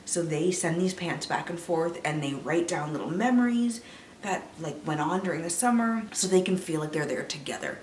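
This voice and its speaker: A young woman in her twenties, a book vlogger, ranting casually about films in an animated, swearing way while a little tipsy. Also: fairly low pitch, normal speed, a little hiss or hum. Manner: animated, swearing, drops to whispers. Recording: echoey room, mic a bit distant.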